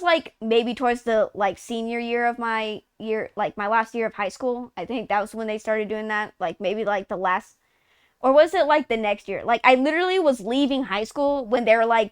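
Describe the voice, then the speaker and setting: A woman's voice: on the high side, clear, resonant tone, dry recording. A woman in her twenties from Texas, chatting casually on a live stream, rambling, swearing often and saying "like" constantly. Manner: rambling, profane, heavy use of "like".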